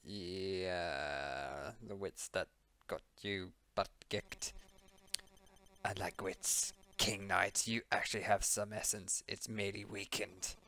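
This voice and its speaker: Scheming masked alchemist knight read by a man: low, hushed, sneering, slow and drawn out. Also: fairly even intonation, heavily acted.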